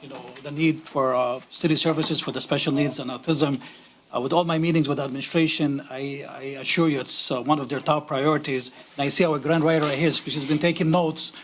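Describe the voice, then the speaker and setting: A man chairing a city council meeting speaks in a courteous but halting way, with many fillers. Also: on the high side, fairly even intonation, slight background noise.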